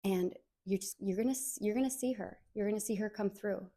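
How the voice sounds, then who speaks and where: A woman in her thirties talks through her own podcast in a heartfelt, earnest way, often saying a word twice to lean on it. Her voice sits at a middle pitch with a mellow, warm color. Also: a little fast. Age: 30s. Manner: earnest, heartfelt, repeats words for emphasis. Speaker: podcast host. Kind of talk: solo podcast monologue.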